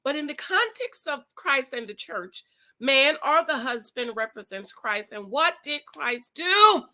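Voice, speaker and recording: A high-pitched woman hosts her own dating-advice commentary, sassy and preachy as she calls her viewers "girl." Her voice has a bright, forward ring. She talks in a loose, casual way, as if to a friend. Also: sing-song, a little slow.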